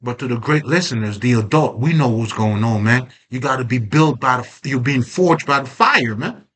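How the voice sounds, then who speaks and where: Emphatic, bright-voiced man venting. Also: medium pitch, lively intonation, normal speed. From Haitian background. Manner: emphatic, swearing, rhetorical questions. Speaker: self-growth vlogger. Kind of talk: casual spoken monologue.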